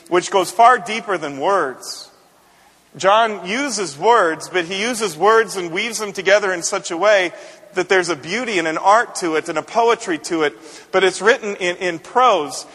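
A man's voice: high voice, a bit bright, long reverb tail. A man, a senior pastor, preaching a conversational sermon and often repeating words as he builds a point.

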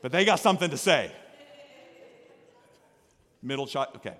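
A man preaching a sermon as pastor, energetic, swinging from quiet storytelling to loud exhortation. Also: medium pitch, normal speed. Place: church sanctuary. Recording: long reverb of a church hall.

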